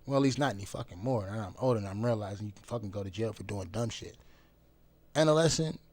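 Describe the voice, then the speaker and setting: A male vlogger delivers a blunt, profane, casual monologue, repeating phrases for emphasis and swinging between loud outbursts and low mutters. He talks fast, and the recording is dry.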